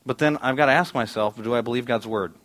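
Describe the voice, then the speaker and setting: A middle-aged pastor preaching a conversational sermon in a church auditorium, asking the congregation questions. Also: male voice, mid-range voice, fast, a bit bright.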